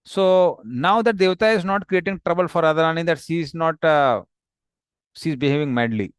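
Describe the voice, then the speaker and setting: A man's voice: on the high side, a little fast, clean tone, dry recording, studio quality. A man teaching a scripture class, explaining the text with many fillers and restarts. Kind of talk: explaining a text, paraphrasing dialogue.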